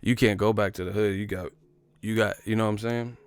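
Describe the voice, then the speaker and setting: Profane, rambling male storyteller, gravelly. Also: lowish voice, steady tone, fairly quick. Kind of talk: casual comedic storytelling monologue.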